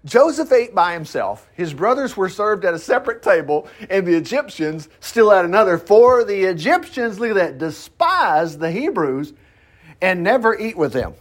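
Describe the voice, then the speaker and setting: A man's voice: sits high, sing-song, normal speed. A man reading a Bible story aloud as a teacher, breaking off for chatty, laughing asides. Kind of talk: reading scripture with commentary.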